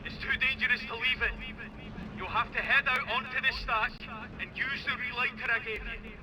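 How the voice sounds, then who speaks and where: A curt boss barking orders over the radio. His voice is pitched high and sounds far off, with noise hissing through the line. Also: fairly even intonation, moderate pace. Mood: urgent. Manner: curt, commanding.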